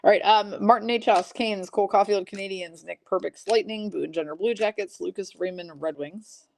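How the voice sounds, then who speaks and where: A woman hosting a live-streamed trading card break, briskly calling out each pull and teasing her chat viewers. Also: medium pitch, gravelly, darkish tone.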